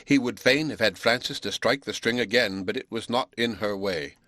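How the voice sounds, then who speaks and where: A man narrating a classic novel in a measured, steady audiobook reading. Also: lowish voice, no echo, studio quality.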